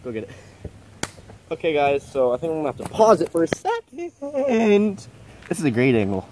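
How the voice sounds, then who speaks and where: A young man filming a casual vlog outdoors in the countryside, joking around excitably and swearing often as he talks to his viewers. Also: fairly high pitch, normal speed, slight background noise. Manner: excitable, jokey and heavily profane. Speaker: vlogger.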